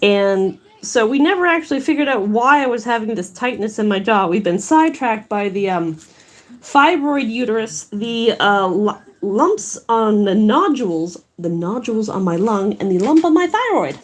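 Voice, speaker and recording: A chatty woman talking on a late-night livestream, wandering from one thing to the next. She pokes fun at herself as she goes, and her pitch swings widely up and down. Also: expressive, normal speed. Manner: rambling, chatty, self-deprecating. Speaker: artist livestreamer. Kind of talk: casual livestream chat.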